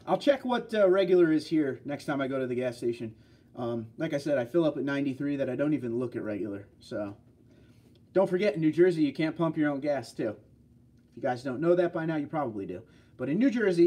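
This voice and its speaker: A man's voice: on the high side, lively intonation, fairly quick, mellow. A man from New York hosting a livestream, chatting casually and rambling through answers to viewer comments. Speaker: livestream host.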